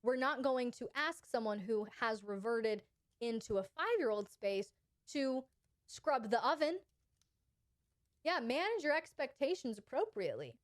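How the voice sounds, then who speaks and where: A woman's voice: a little high, sing-song, measured pace, no room sound. A woman coaching her audience in a live Q&A, emphatic and often checking in with "okay?". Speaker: relationship coach and channel host. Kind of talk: live Q&A advice.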